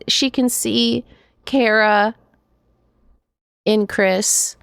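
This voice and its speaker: High-voiced, animated woman gaming. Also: no room sound, clean studio sound. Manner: animated, quick to react and joke. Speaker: let's play host. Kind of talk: casual gameplay commentary. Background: game music.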